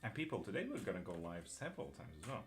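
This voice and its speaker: A man with a wandering Irish-British accent chats on a live tarot stream, his voice sitting on the low side. He swears offhand, laughs often and answers viewers one by one. Soft music plays quietly underneath. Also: very animated, racing. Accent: mixed Irish-British. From Sweden. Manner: chatty, swears casually, laughs often, reads chat aloud. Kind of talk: casual live-stream chat. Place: home streaming setup in England.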